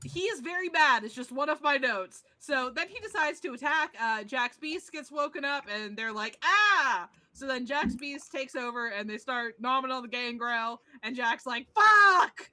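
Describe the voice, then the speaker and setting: A woman player rattling off a recap of the last tabletop session, excited and swearing freely. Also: high-pitched, normal speed, few pauses, no room sound. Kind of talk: casual chat.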